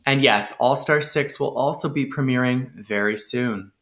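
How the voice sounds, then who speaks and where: A man co-hosting a podcast in casual chat, enthusiastic and quick to jump into the news. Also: medium pitch, fairly bright tone. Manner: chatty and enthusiastic. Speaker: podcast co-host.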